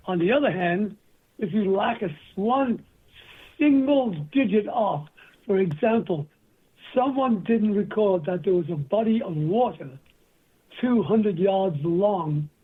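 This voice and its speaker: In a storytelling interview heard over the phone, an older man from England meanders through his anecdotes. His voice is pitched high with a slight roughness to it.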